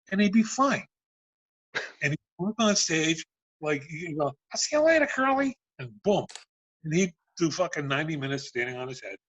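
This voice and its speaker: A man in his sixties with a husky voice recounts old tour stories in casual, profane chat. He mimics the people he talks about as he goes. The sound is dry and a little muffled. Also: mid-range voice, no room sound. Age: 60s. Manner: profane, animated anecdotes with acted-out dialogue. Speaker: guest, former band road manager. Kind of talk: casual storytelling.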